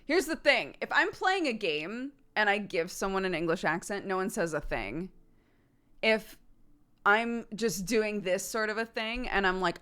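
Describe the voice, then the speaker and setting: A woman streamer casually answering chat questions, animated, laughing often and swearing freely. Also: mid-range voice, moderate pace, clear, resonant tone.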